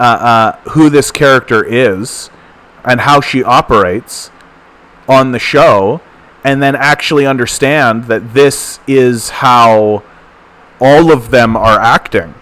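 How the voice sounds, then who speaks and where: A man's voice: mid-range voice, a bit bright. Ranting male livestream commentary host. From Canada. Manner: fast, ranting, repetitive with stammers.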